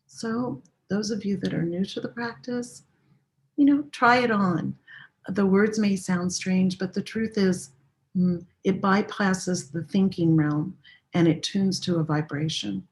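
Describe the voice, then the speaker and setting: A woman teaching a spiritual practice, guiding listeners through a chant in a calm, unhurried, gently encouraging way. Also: medium pitch, low-quality recording. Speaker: Sufi teacher leading a practice. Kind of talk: guided meditative chant instruction.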